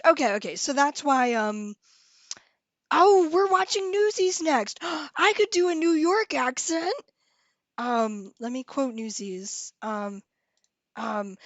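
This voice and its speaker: Giggly high-voiced young woman streamer. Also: moderate pace, no room sound. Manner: giggly, chatty, reads chat aloud. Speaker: live streamer. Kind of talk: casual live-stream chat.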